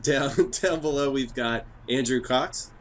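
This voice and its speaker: A man from Texas hosting a podcast, hyped up, fast-talking and joking. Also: mid-range voice, a bit bright, slight background noise. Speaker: podcast host. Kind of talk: casual chat.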